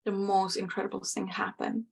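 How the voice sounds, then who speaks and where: A middle-aged woman recounts a personal story as an interview guest, her voice sitting at an ordinary pitch. She speaks reflectively and with feeling, now and then acting out the voices in her head. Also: little pitch movement, normal speed, creaky, husky. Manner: reflective, emotional, acts out her inner voices.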